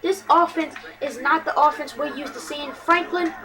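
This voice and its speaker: A woman doing excitable play-by-play commentary over her football video game, bursting into shouts on big plays and tripping over her words. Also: high-pitched, moderate pace, rough recording.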